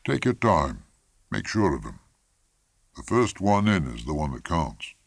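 A man's voice: a bass voice, sing-song, unhurried, dry recording, studio quality, full character voice. A man reading a story aloud, voicing a curt, confident professional hunting guide who talks in clipped phrases. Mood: brisk. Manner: clipped, terse.

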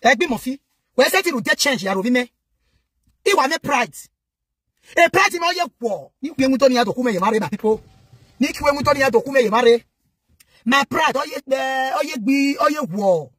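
A woman's voice: high-pitched, expressive, a little fast, fairly bright tone, husky, no echo, studio quality. A Nigerian woman giving an impassioned, scolding rant to her online audience, switching between Pidgin and local languages. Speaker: social media commentator.

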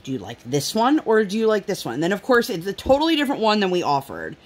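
A woman's voice: mid-range voice, huge pitch swings, fast. A woman in her thirties chatting casually to viewers while crafting, telling a story with lots of fillers and acting out quotes. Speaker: vlogger.

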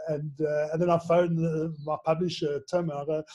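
A middle-aged man, a former headmaster and author, reflecting in an interview with many pauses and restarts. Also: fairly high pitch, little pitch movement, a little mellow. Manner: halting, many restarts, earnest and emotional.

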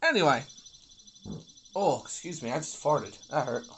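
Grumpy, animated man ranting over a game. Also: on the high side, a little slow, slight background noise. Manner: grumpy, swearing, rambling asides. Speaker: gaming YouTuber. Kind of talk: casual gameplay commentary.

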